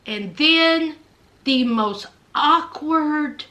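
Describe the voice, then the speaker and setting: A woman gives a casual reality TV recap, dramatic and talking straight to her viewers. Her voice sits high and swings widely in pitch. She speaks at an unhurried pace. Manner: animated, dramatic, addresses viewers as y'all.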